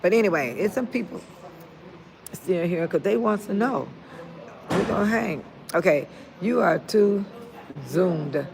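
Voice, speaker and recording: A woman's voice: fairly low pitch, animated, measured pace, creaky, pauses often, a little mellow, slight background noise. An older retired woman chatting casually with viewers on a phone livestream, laughing often and talking straight to them. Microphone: phone held close to the face.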